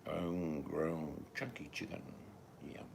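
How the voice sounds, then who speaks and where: A man's voice: rumbling low, vocal fry, background noise. A man with an Australian accent, joking in casual live-stream chat. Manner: joking, drawn-out deadpan asides.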